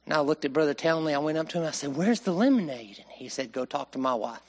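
A man's voice: fairly high pitch, steady tone, very fast. A man preaching a sermon, telling stories in a folksy way, often repeating himself and chuckling. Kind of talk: sermon with storytelling.

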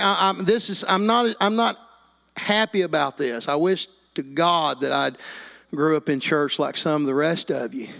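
Man preaching, high bright gravelly tone, fervent and full of amens. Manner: fervent, peppered with amens and hallelujahs. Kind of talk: sermon with personal testimony.

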